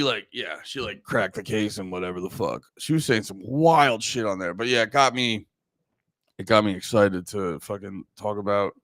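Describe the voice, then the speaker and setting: A man's voice: a bit bright, dry recording, studio quality. Rambling, crude man on a podcast. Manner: rambling, crude, jokey, mocks people in high-pitched put-on voices. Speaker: podcast host. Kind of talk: casual comedic podcast rant.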